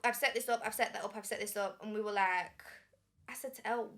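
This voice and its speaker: This is a young woman's voice, medium in pitch and quick, carrying a Yorkshire accent from Sheffield in England. She's a singer guesting in a laid-back sit-down interview, animatedly spinning stories and voicing the dialogue she quotes.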